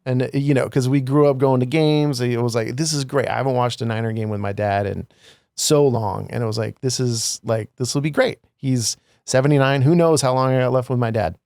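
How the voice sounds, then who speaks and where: Gravelly reflective middle-aged man. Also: mid-range voice, steady tone, a little fast, a little mellow, no echo, studio quality. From California. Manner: reflective, rambling, trailing phrases. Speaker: podcast co-host. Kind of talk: casual conversation.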